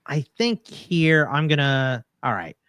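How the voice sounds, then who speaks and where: A man co-hosting a casual podcast chat in a relaxed, wry way. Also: fairly high pitch, takes it slowly, clear, resonant tone, no echo, studio quality.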